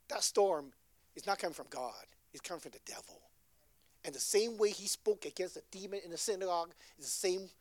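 A woman's voice: lowish voice, dry recording. Conversational woman preaching, dry sound. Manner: conversational, keeps asking "right?". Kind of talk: sermon.

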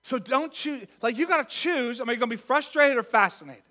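A man preaching a sermon to a church congregation, animated, dropping to a hush and then rising to loud lines. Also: very high-pitched, fairly quick. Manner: animated, swings from hushed to loud acted quotes. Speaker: pastor.

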